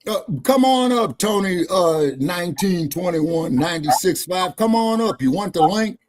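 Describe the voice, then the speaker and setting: A man hosts a live-stream talk show in a combative, profane style, calling out people in the chat. His voice sits a little higher than most men's. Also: animated, normal speed. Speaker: show host. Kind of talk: heated live-stream debate.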